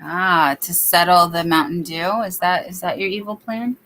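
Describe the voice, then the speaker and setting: A woman's voice: lowish voice, normal speed, a bit bright, a little hiss or hum, rough recording. A woman hosting a late-night crochet livestream, chatting casually and reading viewer comments aloud. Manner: chatty, reads viewer comments aloud, baby-talks to her dog. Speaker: livestream host. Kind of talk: casual chat while crocheting.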